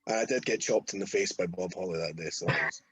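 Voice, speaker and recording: A man's voice: deep voice, fast talker, a bit bright, slight background noise, poor audio. A man in his thirties, a wrestler guest, telling rambling, sweary anecdotes in casual podcast chat. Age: 30s.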